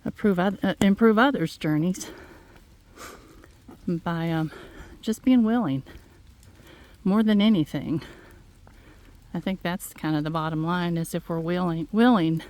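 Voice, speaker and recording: A woman, slightly out of breath, talking gently and haltingly to her viewers outdoors on a phone. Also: on the low side. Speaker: farm vlogger. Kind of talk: casual heartfelt talk to viewers. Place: outdoors in fog. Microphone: handheld phone.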